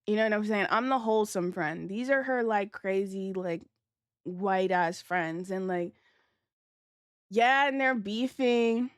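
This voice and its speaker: A woman's voice: medium pitch, a little slow, smooth, no room sound. Young woman streamer, casual slangy storytime, swears a lot, laughs along, super dry no-room sound. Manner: slangy, profane, laughing as she tells the story. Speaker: livestreamer. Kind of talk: casual storytime chat with viewers.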